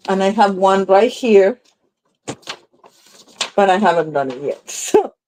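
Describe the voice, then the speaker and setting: A woman's voice: medium pitch, darkish tone. A woman hosting a card-making video, chatting casually and thinking aloud as she works, often stopping to correct herself. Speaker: craft video host. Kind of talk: casual crafting demo chat.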